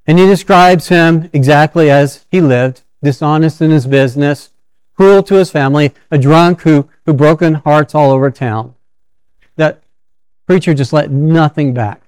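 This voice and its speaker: Male preacher, mid pitch, smooth clear voice, dry close sound, casual storytelling sermon delivery. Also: moderate pace, a little mellow, dry recording. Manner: conversational storytelling with frequent restarts.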